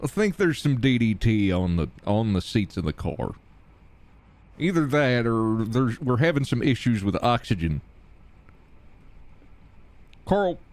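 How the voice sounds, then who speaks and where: A man's voice: medium pitch, big pitch swings, a little slow, long pauses, darkish tone. A man in character as a police chief in a role-play, talking in a rambling, bemused way.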